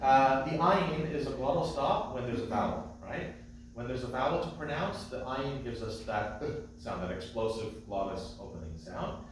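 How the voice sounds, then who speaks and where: A male cantor teaching a class, explaining details patiently and chanting short phrases slowly. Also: mid-range voice, lively intonation, slight background noise. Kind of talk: class teaching with sung examples. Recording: echoey distant room mic.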